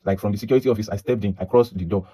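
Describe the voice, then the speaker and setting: A young man with a Nigerian accent talks fast in a low, mellow voice. He tells a personal story in a loose, rambling way, often restarting his sentences and mixing in Pidgin phrases. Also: breathy edge. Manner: rambling, restarts and repeats himself, mixes in Pidgin. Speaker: vlogger. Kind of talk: casual storytelling monologue.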